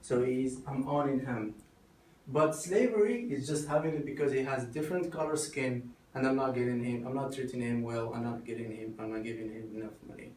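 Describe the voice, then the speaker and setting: A man giving a mini-lesson in a classroom. He explains terms slowly and patiently and asks the class questions. The recording is roomy and distant, with faint background noise. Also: medium pitch, darkish tone. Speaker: student teacher. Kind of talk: classroom teaching. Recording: echoey classroom, heard from far off.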